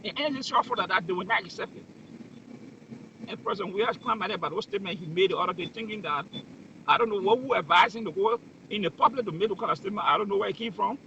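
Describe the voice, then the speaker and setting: Guy ranting about politics, high raspy voice, tons of rhetorical questions, dull muffled audio. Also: fast talker, bright, forceful tone, a little hiss or hum. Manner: emphatic, fires off rhetorical questions. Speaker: political commentator. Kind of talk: heated political commentary.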